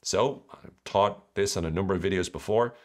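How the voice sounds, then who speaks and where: A man hosting a motivational podcast, talking in a playful, animated way and acting out voices. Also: deep voice, normal speed. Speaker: podcast host.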